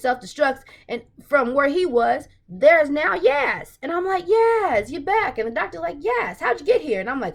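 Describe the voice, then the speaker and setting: A woman casually recapping a TV episode, retelling scenes with excited, acted-out reactions. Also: high voice.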